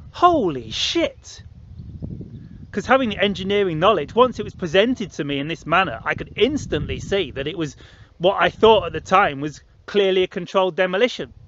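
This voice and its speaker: A man in his late thirties tells his own story in a loose, rambling monologue, his voice sitting a little higher than most men's. He repeats himself often and jumps into other people's voices to act out their reactions. The audio is a bit muffled and lo-fi. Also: a bit bright, slight background noise. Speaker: vlogger.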